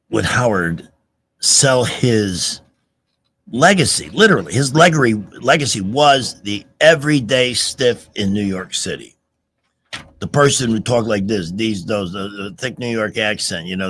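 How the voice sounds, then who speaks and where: A middle-aged man hosting a radio talk show, telling stories in an animated, emphatic way with restarts. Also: fairly low pitch, unhurried. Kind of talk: casual talk radio chat.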